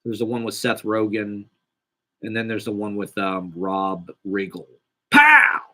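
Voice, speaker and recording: A man's voice: on the low side, flat delivery, unhurried, fairly bright tone. A young man telling a casual, rambling, profane, self-deprecating story about a small acting job. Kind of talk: casual monologue.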